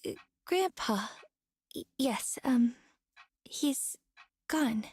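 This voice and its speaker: A woman's voice: a little high, lively intonation, very slow, a little mellow, breathy edge, dry recording, studio quality, heavily acted. A woman voicing a young flower shop owner in a game, hesitant and stammering.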